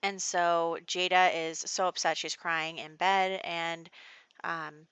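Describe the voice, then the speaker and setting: A woman's voice: fairly low pitch, level tone, slow, a bit bright, smooth, no room sound. A woman narrating a life-simulation game in a casual, chatty way, full of "like" and "you know". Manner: chatty, filler-heavy storytelling. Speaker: gameplay narrator. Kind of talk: casual let's play commentary.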